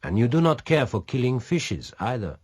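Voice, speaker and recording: A man's voice: mid-range voice, sing-song, normal speed, darkish tone, slightly rough, voice pushed up. A man reading a mocking, daring pirate captain. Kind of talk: audiobook reading.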